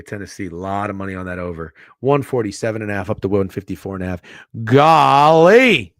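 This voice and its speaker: Man, lowish voice, betting show host, casual and profane, dry close sound. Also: no echo. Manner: swears freely, muses aloud, swings from hushed to loud. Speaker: sports betting podcast host.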